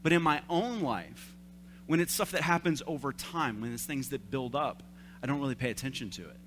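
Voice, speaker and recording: A man in his thirties, a young adults pastor, giving a conversational sermon with animated, self-deprecating stories. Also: medium pitch, a little fast, a little hiss or hum. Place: church service.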